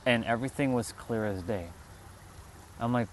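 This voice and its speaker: A man's voice: mid-range voice, moderate pace, background noise. A man hosting a livestream outdoors, talking casually and with swearing about the mind and inner resistance, and reading the chat as he goes. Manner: casual, profane, storytelling. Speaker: livestream host. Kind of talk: spiritual talk to a live chat. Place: outdoors, sitting on a rock.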